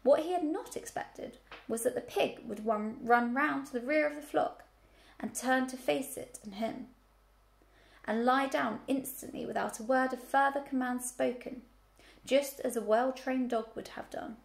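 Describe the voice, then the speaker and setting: A woman teacher reading a children's book aloud, telling the story clearly and expressively. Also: sits high, measured pace.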